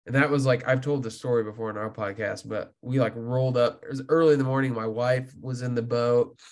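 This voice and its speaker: A man's voice: medium pitch, fairly quick. A young man from Indiana, a podcast guest, telling a fishing story in casual chat and acting out what people said. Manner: animated storyteller, laughs often, acts out quotes.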